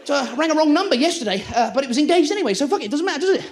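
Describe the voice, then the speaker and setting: A man doing an excitable stand-up comedy routine on a theatre stage, swearing freely. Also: extremely high pitch, racing, heavy background noise. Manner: frantic, excitable, swears a lot. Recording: live theatre recording with loud crowd. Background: loud audience laughter.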